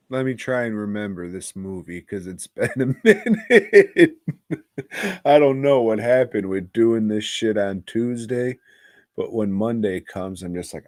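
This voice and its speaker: A man co-hosting a movie podcast talks slowly and rambles through jokes and crude asides. He tosses in "mate" slang in a casual, profane review style. His voice sounds close and dry, with no room around it. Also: mid-range voice, darkish tone, no echo. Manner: rambling, joking, drops "mate" and "blokes and birds" slang.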